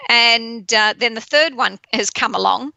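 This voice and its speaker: Bright, gravelly woman storyteller. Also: on the high side, a little slow, no echo. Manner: lively, laughs often, plays out quoted voices. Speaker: podcast host. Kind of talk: personal storytelling monologue.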